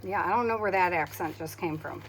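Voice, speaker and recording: A woman, tired after a migraine, chatting softly to herself while she crafts, humming and murmuring as she works. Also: lowish voice, a little fast, slight background noise. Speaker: craft video host.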